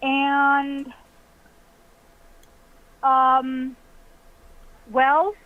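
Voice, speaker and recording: A woman caller with a high voice tells a ghost story at an unhurried pace. She paints the scene vividly, acting out the voices and the sounds as she goes. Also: monotone, no echo, narrow, tinny audio.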